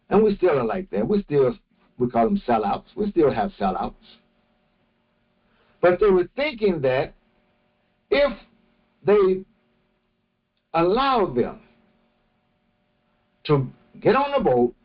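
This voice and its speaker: A man teaching a morning religious session, speaking slowly and deliberately and often restarting his phrases. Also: high voice, muffled recording. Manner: slow, deliberate, with many restarts. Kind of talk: morning lecture.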